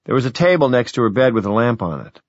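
A man's voice: medium pitch, big pitch swings, fast talker, no room sound. Man narrating a novel, dry sound. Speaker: audiobook narrator. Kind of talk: scripted narration. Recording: dull, dry audiobook recording.

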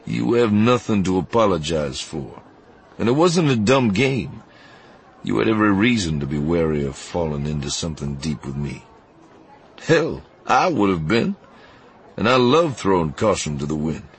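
A man's voice: sits low, big pitch swings, heavily acted. Man doing Lando, a charming scoundrel. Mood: wooing. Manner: smooth, slow, wooing delivery. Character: charming male scoundrel hero, smooth and easygoing.

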